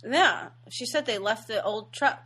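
A woman's voice: fairly high pitch, expressive, unhurried, bright, forceful tone, husky. A woman co-hosting a podcast, casually recapping a movie plot in an easygoing way and laughing often. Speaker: podcast co-host. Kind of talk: casual chat about a movie.

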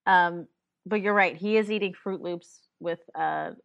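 A woman co-hosting a casual podcast, recapping a movie with lots of laughter and lively retelling. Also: fairly low pitch, unhurried, dull audio. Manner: animated, laughs often, acts out lines from the film. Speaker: podcast co-host.

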